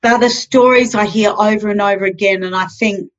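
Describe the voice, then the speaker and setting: A woman speaks in an expressive, emphatic way as a podcast guest. Her audio is slightly muffled and lo-fi. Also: mid-range voice, a little fast. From Australia. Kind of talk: casual podcast conversation.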